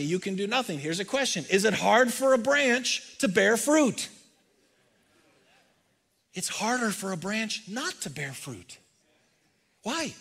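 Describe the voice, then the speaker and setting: A pastor delivering a sermon, reading scripture aloud and dropping from loud emphasis to hushed repetition. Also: male voice, high voice, slightly rough. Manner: preaching with big swings from loud to hushed; reads scripture aloud, repeats phrases softly for effect. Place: church stage.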